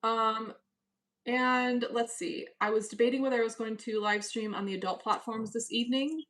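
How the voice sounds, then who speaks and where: A woman's voice: a little high, fairly even intonation, moderate pace, fairly bright tone. A woman hosting a live stream from home, reading chat messages aloud and answering in a cool, dismissive casual manner. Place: at home, indoors.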